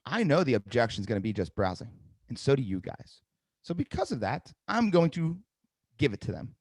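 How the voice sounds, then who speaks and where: An upbeat male sales trainer hosts a live webinar, energetically drilling his points home, repeating key phrases, and acting out sales calls with varied tonality. His mid-range voice is brisk, and the mic is dry with no room sound.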